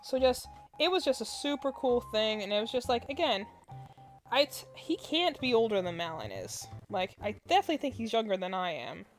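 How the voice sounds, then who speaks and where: A woman's voice: a little high, very animated, a little fast, faint music behind. A woman chatting casually while she crochets on a stream, rambling with lots of filler words and muttering stitch counts under her breath. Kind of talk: casual chat.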